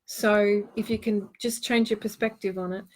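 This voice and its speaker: A woman's voice: medium pitch, fairly even intonation, normal speed, a little mellow. A woman hosting a live online card-reading show, giving earnest, reassuring advice with plenty of ums and restarts. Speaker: host and tarot card reader.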